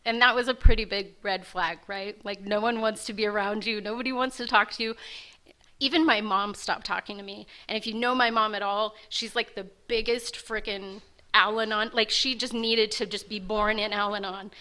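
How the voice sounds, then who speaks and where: A woman's voice: mid-range voice, steady tone, moderate pace, bright, forceful tone. A woman candidly sharing her personal recovery story in a self-mocking, storytelling way.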